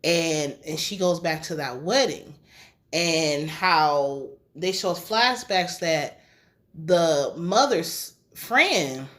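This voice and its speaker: A woman recapping a TV episode in a casual, slangy, chatty way, getting animated and emotional as she retells scenes. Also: deep voice, extremely slow. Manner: casual slangy speech with swearing. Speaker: TV recap reviewer.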